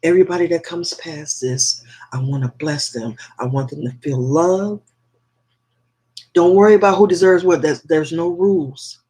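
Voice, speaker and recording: A man hosting a spiritual livestream who leads viewers through slow, repetitive affirmations and greets them affectionately. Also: fairly high pitch, darkish tone, husky. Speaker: livestream host.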